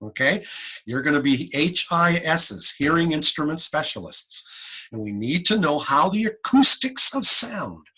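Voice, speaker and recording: A man's voice: on the high side, a little slow, breathy edge, low-quality recording. A middle-aged man giving an online lecture on a video call, playful and demonstrative as he teaches. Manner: animated, playful teaching with repeated "guess what" and sound demonstrations. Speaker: hearing-instrument instructor.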